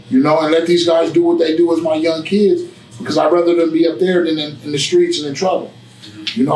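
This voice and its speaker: A man telling his story in a casual interview, with preachy, animated storytelling and street slang. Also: fairly high pitch, roomy sound, recorded from a distance, slight background noise, poor audio. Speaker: guest, barbershop owner. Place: barbershop.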